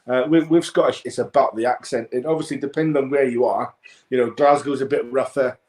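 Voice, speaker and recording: A man's voice: mid-range voice, fairly even intonation, a little fast, a little mellow. A man hosting a casual chat, rambling with many restarts. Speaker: host. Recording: echoey room.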